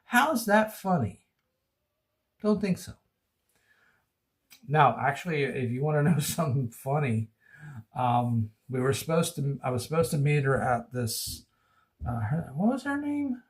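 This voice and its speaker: A man's voice: mid-range voice, very animated, unhurried, pauses often. A man vlogging into his phone, rambling casually in a goofy way and laughing often. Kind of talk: casual rambling monologue to camera.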